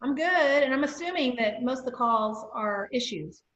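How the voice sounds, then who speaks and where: Chatty woman co-host, kinda high voice, echoey room, muffled call sound. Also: moderate pace, fairly bright tone. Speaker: podcast co-host. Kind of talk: casual interview chat.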